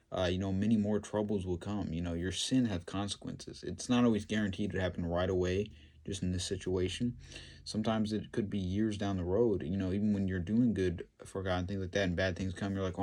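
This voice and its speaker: Low-voiced man retelling a Bible story. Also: warm tone. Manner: halting, filler-heavy delivery. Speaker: Bible teacher.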